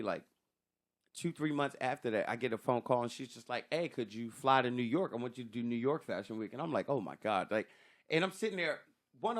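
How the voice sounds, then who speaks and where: A man who is a stand-up comedian, telling stories in an animated way with casual swearing on a podcast. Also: medium pitch. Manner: animated storytelling, swearing freely.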